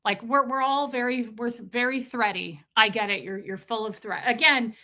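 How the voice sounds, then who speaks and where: A woman's voice: a little high, normal speed, pushed and bright. A middle-aged woman hosting a casual livestream, talking emphatically, repeating herself and breaking off to greet viewers in chat. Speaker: livestream host reading chat.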